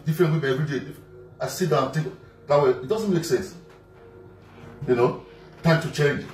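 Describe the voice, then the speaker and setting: A man with a Nigerian accent talking casually and emphatically, repeating himself and filling gaps with "you know". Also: on the high side. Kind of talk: casual direct-to-camera monologue. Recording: echoey room, mic at a distance, faint music.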